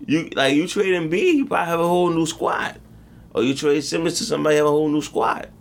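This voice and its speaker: Gravelly man in loose sports banter. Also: a little high, fast talker. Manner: loose, joking, profane banter. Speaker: podcast co-host. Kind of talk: casual sports chat.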